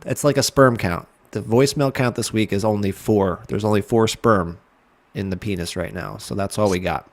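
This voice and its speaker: A man's voice: fairly low pitch, lively intonation, normal speed. A man co-hosting a casual podcast, teasing his partner and grumbling in mock displeasure at the listeners. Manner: teasing, wisecracking, mock-grumpy. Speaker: co-host. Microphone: home mic on a video call.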